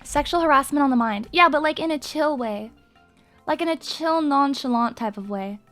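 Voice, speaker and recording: A woman's voice: sits high, normal speed, a bit bright, faint music behind. A young woman streaming live, chatting in a hyper, rambling and crude way with her viewers. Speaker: VTuber streamer. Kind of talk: casual live-stream chat.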